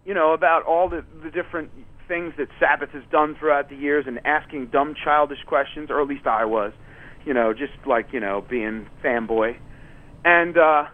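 A man with a fairly high voice tells loose, rambling stories, circling back with plenty of fillers and restarts. He comes through a thin, tinny phone line that cuts off the lows and highs. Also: normal speed. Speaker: touring musician guest. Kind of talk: casual storytelling interview.

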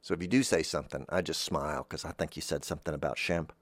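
A man's voice: extremely low pitch, fairly even intonation, quick pace, no room sound. A man hosting a podcast, wandering through a comic monologue that often trails off and restarts, with self-deprecating asides. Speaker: podcast host. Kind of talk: rambling comedic monologue.

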